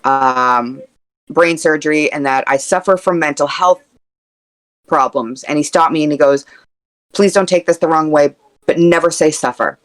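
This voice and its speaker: A woman guest on an interview podcast, talking candidly and earnestly with quick playful quips. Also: deep voice, poor audio. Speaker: guest, content creator and actor. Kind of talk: casual interview chat.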